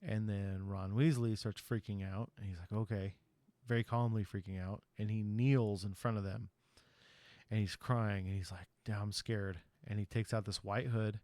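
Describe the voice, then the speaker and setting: A man's voice: lowish voice, steady tone, normal speed, mellow, dry recording. A man hosting a podcast, recapping a film plot in a chatty, rambling way, with lots of ums and you-knows. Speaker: podcast host. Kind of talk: casual movie recap.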